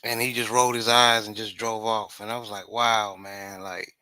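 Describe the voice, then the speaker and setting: A man in casual chat, talking in a laid-back, drawn-out way with many fillers. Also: fairly low pitch, flat delivery, pushed and bright, clear, resonant tone, dry recording, rough recording. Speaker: co-host.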